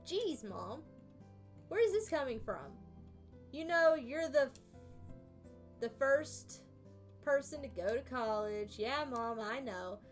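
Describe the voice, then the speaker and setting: A defensive, evasive young daughter voiced by a woman reading game lines in a high, near-natural voice. Faint music plays underneath. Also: very animated, slow pace, pauses often, heavily acted. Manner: reading game dialogue aloud in a mostly natural voice.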